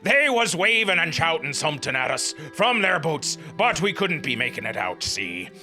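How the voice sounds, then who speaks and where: A man voicing a gruff, rustic old retired whaler with a drawling sailor's way of talking. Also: a little high, sing-song, normal speed, over music, voice pushed up. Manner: rustic drawl, dropping grammar.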